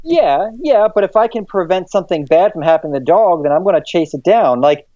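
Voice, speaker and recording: A man co-hosting a podcast in casual chat, halting and repeating his words. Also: high voice, animated, dark tone, no room sound. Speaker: podcast co-host. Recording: dull, muffled mic.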